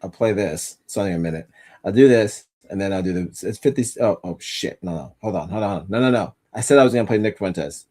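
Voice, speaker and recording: A man's voice: sits low, fast talker, a little mellow. A man hosting a casual commentary podcast, rambling and swearing, often laughing at his own jokes. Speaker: podcast host.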